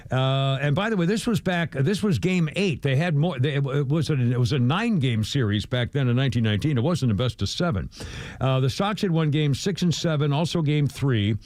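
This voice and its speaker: A man's voice: mid-range voice, darkish tone, no echo. A male radio host in casual sports talk who rambles, hums, and chuckles between stories. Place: radio studio.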